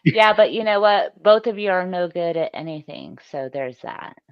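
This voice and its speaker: A woman's voice: lowish voice, animated, moderate pace, clear, resonant tone, no echo. A woman hosting a livestream voice chat, teasing her guests, swearing and laughing often. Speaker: livestream host. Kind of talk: casual voice-chat banter. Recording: dull lo-fi voice chat.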